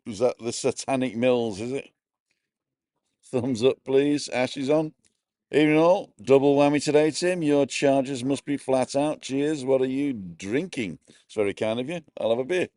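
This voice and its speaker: A man's voice: medium pitch, moderate pace, warm tone, no echo. A middle-aged man casually chatting on a live stream from a bar, greeting viewers by name and wearing earphones.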